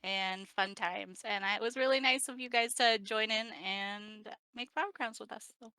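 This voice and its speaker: Woman host, bright dry close voice, playful and giggly, chatty stream sign-off. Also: on the high side, fairly even intonation, moderate pace, clean tone, no echo, low-quality recording. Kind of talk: casual chat.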